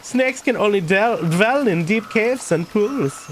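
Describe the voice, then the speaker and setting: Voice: mid-range voice, wildly swooping pitch, unhurried, sharp tone, slight background noise, pitched above the performer's own voice, exaggerated voice, rough recording. A streamer voicing a wandering male tinker in a game, eager and thoughtful. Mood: earnest. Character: Romani man, wandering tinker, earnest. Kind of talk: game dialogue read aloud.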